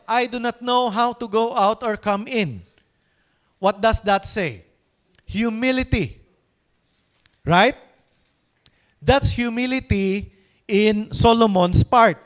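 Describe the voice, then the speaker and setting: A man with a Filipino accent preaching a sermon as pastor, emphatic, putting questions to his congregation and slowing down to read scripture aloud. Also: very high voice, fairly bright tone, clear, resonant tone, poor audio.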